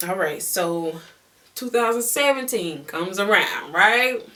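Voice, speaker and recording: A young woman telling a story on her vlog in a casual, animated, slangy way, repeating words for emphasis. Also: medium pitch, takes it slowly, recorded from a distance. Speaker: beauty vlogger.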